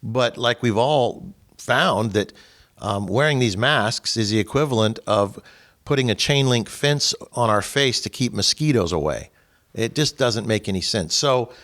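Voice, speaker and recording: A middle-aged man leading a faith group, telling a story from his own life as a lively retelling with quoted dialogue. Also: lowish voice. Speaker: discussion leader at a faith group. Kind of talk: storytelling talk with a faith message.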